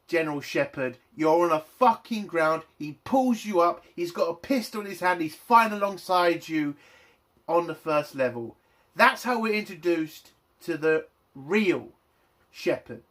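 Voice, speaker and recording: A man's voice: high-pitched, a bit bright. A man and army veteran giving a heated, profane rant reviewing a game's campaign. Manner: angry, profane, exasperated. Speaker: game reviewer. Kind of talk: ranting game review.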